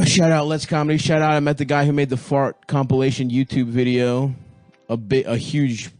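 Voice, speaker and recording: A man co-hosting a comedy podcast in casual chat, playful and quick to jump in with asides. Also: medium pitch, little pitch movement, a little mellow, no echo, faint music behind. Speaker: podcast co-host.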